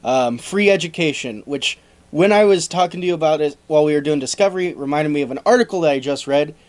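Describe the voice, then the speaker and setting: High-voiced male storyteller, breezy. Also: fast, a little mellow. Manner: breezy, joking narration. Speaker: podcast co-host telling the story. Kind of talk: casual comedic storytelling.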